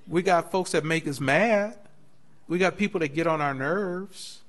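A man, a pastor, teaching a Bible class in a lively preaching style, telling stories and acting out quoted voices. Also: on the high side, measured pace. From United States. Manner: animated preaching with storytelling, laughing asides; acts out quoted voices in dialogue.

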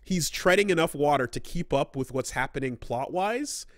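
A man's voice: on the high side, animated, normal speed, a bit bright, no echo, studio quality. A man co-hosting a casual gaming podcast, rambling and swearing as he acts out quoted characters. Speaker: podcast co-host.

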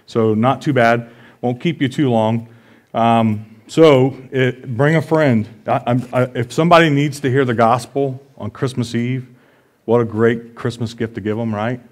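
Joking Midwestern pastor mid-sermon. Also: male voice, medium pitch. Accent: Midwestern American. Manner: conversational, joking, often asks the congregation "right?". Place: church sanctuary.

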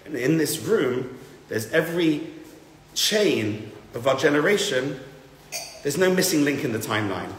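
A man teaching a class as a rabbi to a live group, animated, swinging from loud emphatic bursts to quiet asides. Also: on the high side, unhurried, pauses often. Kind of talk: lively lecture to a live group. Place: large room with an audience. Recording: roomy hall with long reverb.

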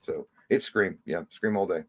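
A man's voice: low-pitched, moderate pace, slightly rough. A man co-hosting a casual movie podcast, swearing freely and ranting with mocking impressions. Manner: profane, animated rants with mocking put-on voices. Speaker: podcast co-host. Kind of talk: casual chat.

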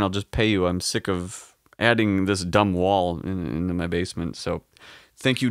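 A man's voice: on the low side, clean tone, no room sound, clean studio sound. A man hosting a solo podcast, rambling in crude, joking, self-deprecating asides. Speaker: podcast host.

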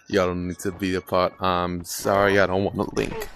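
A man's voice: low-pitched, a bit bright. A young man giving casual, rambling gameplay commentary, swearing casually and poking fun at himself. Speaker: gaming video creator.

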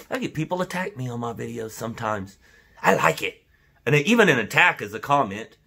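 A man vlogging in a casual, jokey rant to the camera, wandering off on tangents. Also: mid-range voice. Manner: animated, jokey, goes off on tangents.

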